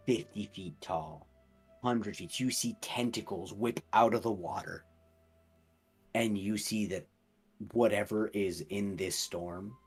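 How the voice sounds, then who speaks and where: Slow, husky-voiced male game master. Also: low voice. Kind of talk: narrating a tabletop game.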